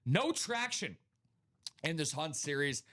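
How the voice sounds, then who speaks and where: A man hosting a live sports memorabilia stream, talking in an energetic hype style and greeting viewers by name. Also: fairly high pitch, slow. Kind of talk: casual live-stream chat.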